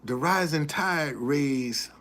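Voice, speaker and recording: Slow, earnest man streaming live. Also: on the high side, a bit bright. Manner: earnest, repeats himself, thanks viewers as he talks; shows items to the camera while talking. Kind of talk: casual live-stream talk.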